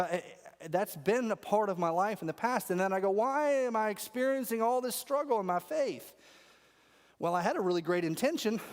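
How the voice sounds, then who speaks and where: A man preaching a sermon as pastor, telling animated stories and leading the congregation in call-and-response. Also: high voice. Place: church auditorium. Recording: long hall reverb.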